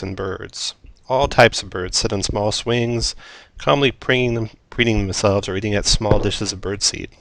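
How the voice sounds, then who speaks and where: A man's voice: lowish voice, fairly bright tone, no echo. A man running a tabletop game as dungeon master, narrating scenes descriptively with occasional fillers.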